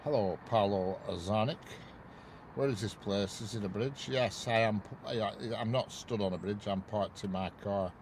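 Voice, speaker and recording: A man from the north of England with a low, gravelly voice talks to his viewers from inside a parked car. He rambles in an easy, chatty way and greets people by name. A faint hum of vehicle noise sits behind him. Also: normal speed, a little mellow. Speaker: railway livestreamer. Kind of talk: casual live-stream chat. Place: parked car near a railway bridge. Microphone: wireless clip-on mic inside car.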